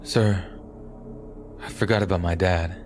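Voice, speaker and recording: Guy doing a hurt young dude on a phone call, stammering and shaky, deep voice, faint music under it. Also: steady tone. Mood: desperate. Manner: shaky, halting, tearful. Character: badly injured 20-year-old man, scared, pleading.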